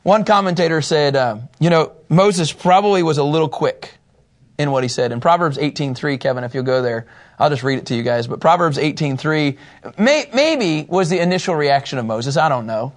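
A man's voice: on the high side, expressive, moderate pace. A man leading a casual Bible study, reading scripture aloud and asking the group questions in a conversational way.

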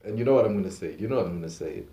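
A man in casual podcast chat, agreeable and quick to repeat short affirmations. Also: lowish voice, animated, dark tone. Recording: echoey room.

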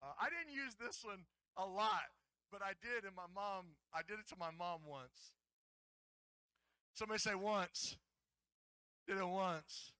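A playful middle-aged male pastor delivers a sermon, joking and drawing the congregation into call-and-response. His voice sits high and sounds very bright and forceful. The sound is dry and close, with little room echo. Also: unhurried, long pauses, clean tone. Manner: playful, jokey, coaxes audience to join in. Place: church hall.

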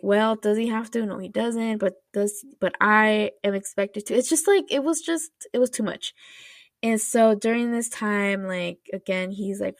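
A woman hosting a podcast, rambling through an animated, casual retelling full of fillers and restarts. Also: mid-range voice, vocal fry, no echo, studio quality. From United States. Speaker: podcast host. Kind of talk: casual chat.

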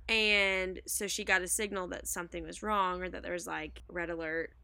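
A woman's voice: fairly low pitch, steady tone, moderate pace, vocal fry, bright, forceful tone, clean tone, dry recording. A young woman co-hosting, taking her turn in an improvised comic story, chatty with hesitant fillers. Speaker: co-host.

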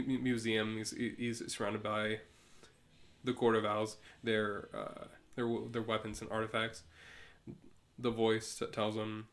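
A man's voice: on the low side, a bit bright. A man co-hosting a casual chat, reading and describing a comic aloud in an easygoing way. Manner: easygoing, brief agreeing replies.

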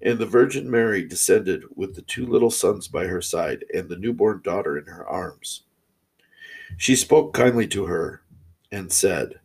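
A man reading old fairy tales aloud in a steady, measured way. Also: low voice, creaky, husky, rough recording. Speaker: storyteller.

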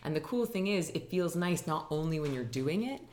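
Low-voiced lady meditation teacher on a podcast, chatty and animated, acts out quotes. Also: normal speed. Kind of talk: casual interview chat. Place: dining room.

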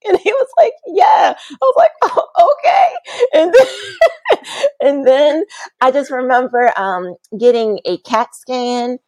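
A woman in an interview telling a personal story in a casual, animated way, acting out the people she quotes. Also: unhurried, dry recording. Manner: animated, acts out quotes with big pitch jumps and laughs. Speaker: podcast guest, massage therapist.

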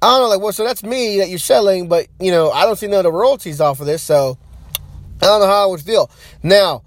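A man's voice: high-pitched, fairly quick, no room sound. A man hosting a podcast, rambling loosely in casual chat and talking straight to his listeners. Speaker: podcast host.

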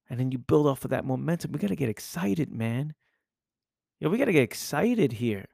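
A man's voice: mid-range voice, expressive, normal speed, gravelly, warm tone, no room sound, studio quality. A man hosting a podcast and delivering an intense, preachy motivational monologue full of rhetorical questions. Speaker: podcast host.

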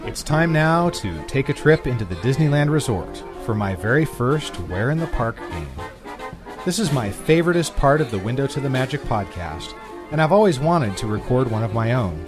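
A man's voice: medium pitch, big pitch swings, moderate pace, over music. A man hosting a podcast, reading scripted segments in an upbeat, announcer-like way. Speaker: podcast host.

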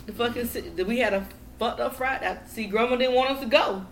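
A woman guest in casual podcast chat, telling profane, animated stories and acting out what people said. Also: on the high side, fast, a little hiss or hum. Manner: animated, profane storytelling with acted-out quotes.

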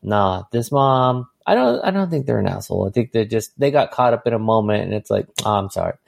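A podcast co-host giving casual opinions, animated and profane, often laughing. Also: male voice, mid-range voice, fairly quick, gravelly. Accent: Californian. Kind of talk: casual chat.

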